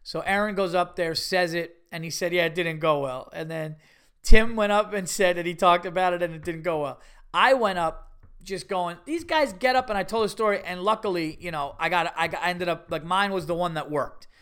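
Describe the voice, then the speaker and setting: A man's voice: high-pitched, brisk, smooth. A man hosting a podcast, telling a rambling, profane story about his week as a comedian. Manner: rambling, profane, animated retelling with quoted voices. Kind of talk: casual storytelling monologue.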